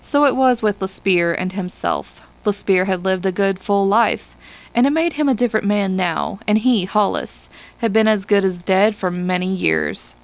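Gravelly woman narrating a story. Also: mid-range voice, moderate pace. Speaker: audiobook reader. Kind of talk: scripted narration.

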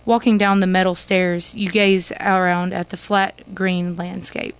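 Brief: woman storyteller, clear and measured, guiding the listener through a choose-your-path tale. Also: lowish voice, level tone. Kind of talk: second-person interactive story narration.

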